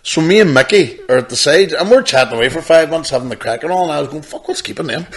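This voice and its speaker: A man, co-hosting a podcast and telling a story in an exasperated, animated way with plenty of swearing. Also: on the high side, quick pace, a crowd in the background. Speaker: podcast co-host. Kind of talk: casual chat.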